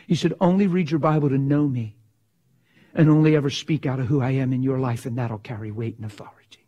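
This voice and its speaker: A middle-aged man preaching a sermon in a passionate, animated way, sometimes acting out voices for effect. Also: medium pitch, fairly quick, muffled recording.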